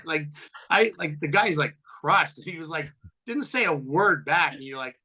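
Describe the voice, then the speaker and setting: A man in his fifties, a former pro hockey player, telling profane locker-room stories as a podcast guest and loudly acting out what people said. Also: fairly high pitch, normal speed. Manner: animated, profane, acts out quotes loudly. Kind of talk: storytelling in a podcast interview.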